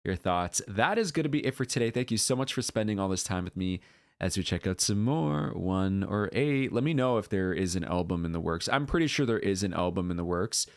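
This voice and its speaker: A man reacting to a dance video on his channel, gushing with excited whoops and earnest talk full of ums and uhs. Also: sits low, fairly quick, no echo, studio quality. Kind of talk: casual reaction vlog.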